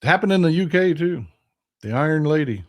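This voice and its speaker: A man's voice: fairly high pitch, lively intonation, fairly quick. A fifty-year-old man with a Texan accent, hosting a casual live stream and reading viewer comments aloud, often restarting his phrases. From Texas. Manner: reads chat aloud, greets viewers by name, self-correcting restarts.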